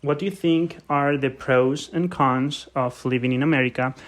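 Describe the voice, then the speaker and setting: Young spanish guy leaving a voice msg, friendly, mid pitch. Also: fairly even intonation, moderate pace. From Spain. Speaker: listener leaving a voice message.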